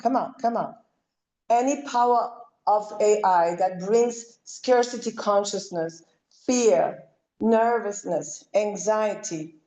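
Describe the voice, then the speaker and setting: A woman leading a live spiritual clearing session, speaking in commanding incantations and soft, coaxing asides. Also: mid-range voice, low-quality recording.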